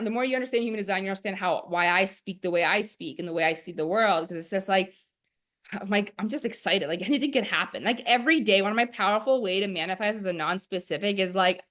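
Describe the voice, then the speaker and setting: A young woman teaching a live-streamed masterclass, talking in a chatty, enthusiastic way full of "like". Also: mid-range voice. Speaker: online course teacher.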